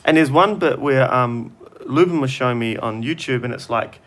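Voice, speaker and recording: A man co-hosting a podcast, rambling and swearing as he tells stories in quick bursts. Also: mid-range voice, a bit bright. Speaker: podcast co-host. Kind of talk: casual chat.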